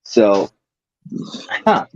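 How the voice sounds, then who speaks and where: A man chatting casually on an online stream in a laid-back, halting way. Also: dry recording, lo-fi sound.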